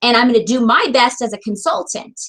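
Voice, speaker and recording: A woman's voice: a little high, lively intonation, brisk, fairly bright tone. A woman leading a sales team, giving an earnest, emotional motivational talk straight to camera. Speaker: direct sales team leader.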